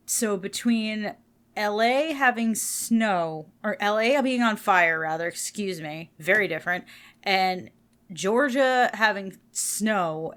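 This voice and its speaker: A woman co-hosting a podcast in casual chat, chatty and self-deprecating with quick asides, tired and yawning late in the week. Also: mid-range voice, a bit bright. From New Jersey. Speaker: podcast co-host.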